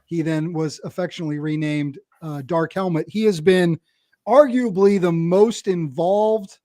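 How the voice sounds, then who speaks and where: A man hosting a podcast, chatty and quick to laugh, who introduces his guest in long run-on sentences. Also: on the high side, warm tone, no room sound, clean studio sound. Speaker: podcast host. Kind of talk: casual podcast chat.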